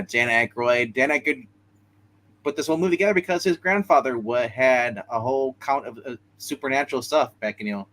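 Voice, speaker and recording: A man co-hosting a casual movie chat, rambling excitedly with frequent restarts. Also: mid-range voice, a little hiss or hum, low-quality recording.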